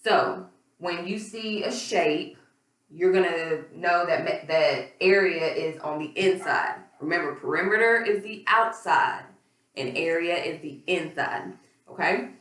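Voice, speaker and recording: Hoarse woman teacher in an echoey room. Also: on the low side, measured pace, a bit bright. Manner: patient, explains step by step with fillers. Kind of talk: recorded remote math lesson. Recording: echoey room, far from mic.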